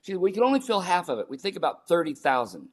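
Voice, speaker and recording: Animated older American man telling stories. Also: high-pitched, fast talker, slightly rough. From United States. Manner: animated storyteller, acts out his own panicked voice. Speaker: guest, performance coach. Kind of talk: storytelling interview talk.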